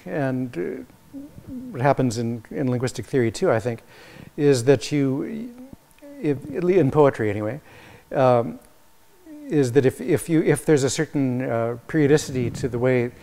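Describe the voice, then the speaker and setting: Halting, explanatory male music professor. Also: medium pitch, a little mellow. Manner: thinking aloud, explanatory, halting restarts. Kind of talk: academic lecture. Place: lecture hall.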